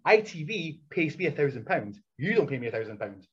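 A man races through his stories in a fairly high, husky voice. He talks in an animated, foul-mouthed way and restarts his sentences often. The recording sounds muffled and lo-fi. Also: a little fast. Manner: animated, swears freely, many restarts. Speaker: wrestler and coach, podcast guest. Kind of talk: casual storytelling chat.

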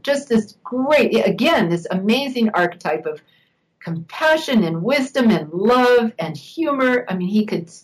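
A woman's voice: on the high side, expressive, measured pace, rough recording. An older woman, a guest on an interview show, reminiscing at length with an occasional laugh. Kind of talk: interview storytelling.

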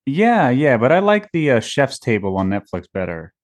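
A man's voice: medium pitch, big pitch swings, moderate pace. Earnest enthusiastic podcast co-host man. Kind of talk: casual chat.

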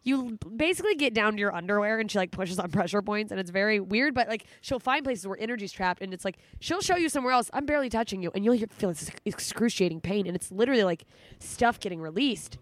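A woman's voice: mid-range voice, lively intonation, fast talker. A woman in her thirties hosting a podcast, talking candidly and emotionally in casual chat, swearing often. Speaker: podcast host.

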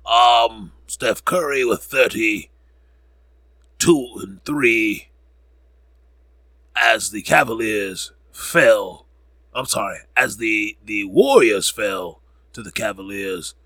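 A man's voice: fairly low pitch, animated, takes it slowly, creaky, pauses often, pushed and bright, no echo. A man hosting a podcast, rambling through sports scores with jokes and frequent self-corrections. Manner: rambling, joking, corrects himself often. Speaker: podcast host. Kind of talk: casual sports score recap.

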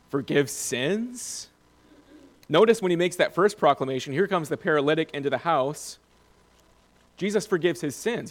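A man preaching a Bible recap, reading scripture aloud and then asking his listeners questions. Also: a little high.

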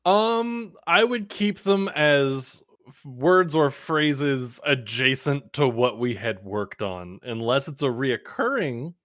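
A man's voice: takes it slowly, no room sound, studio quality. A man playing a tabletop role-playing game, playful and laughing often. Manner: playful, laughs often, voice jumps high when excited. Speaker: player.

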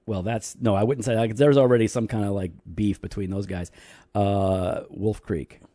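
A man co-hosting a casual theology podcast, dry and teasing, slowing down when he explains doctrine. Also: fairly low pitch, fairly even intonation, mellow, no echo. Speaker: podcast co-host.

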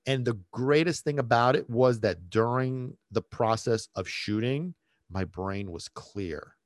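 A man's voice: mid-range voice, unhurried, no echo, studio quality. A man, a dog trainer, casually telling a rambling personal story with many restarts and fillers.

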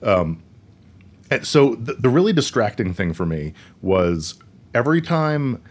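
A man's voice: medium pitch, sing-song, unhurried. A man co-hosting a casual movie-review podcast, hesitant, with many fillers and restarts. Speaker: podcast co-host.

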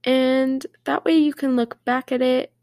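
A woman's voice: high voice, flat delivery, a little slow, a little mellow, no echo, clean studio sound. A young woman hosting her own podcast, chatting casually in a sarcastic, swear-laced way. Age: young adult. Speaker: podcast host. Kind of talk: casual solo podcast chat.

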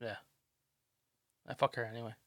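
A man co-hosting a podcast, teasing his friend with quick wisecracks and laughs. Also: medium pitch, little pitch movement, fairly bright tone, no echo, studio quality. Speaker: podcast co-host. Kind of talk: casual chat.

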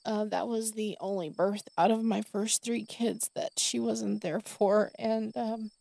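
A woman's voice: medium pitch, steady tone, unhurried, gravelly, a little mellow, no echo. A middle-aged woman telling a personal story on a podcast, rambling with many fillers and restarts. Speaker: podcast host.

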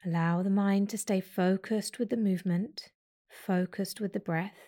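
A woman yoga teacher guides a breathing meditation in a soft, gentle voice. She gives calm, unhurried instructions, pausing between the steps. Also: medium pitch. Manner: slow, gentle guiding instructions.

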